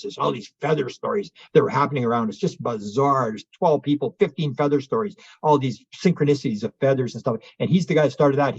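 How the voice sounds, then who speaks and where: A man, a guest telling a rambling story fast, acting out the other speakers and restarting often. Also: mid-range voice, breathy edge, no echo. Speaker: guest, UFO researcher. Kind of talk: animated anecdotal storytelling. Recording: dull lo-fi audio.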